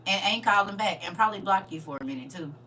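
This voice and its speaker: Talking fast in a medium pitch, this middle-aged livestream host chats casually with her live viewers over slight background noise. Her manner is blunt and animated, and she addresses the audience as "y'all" and "baby."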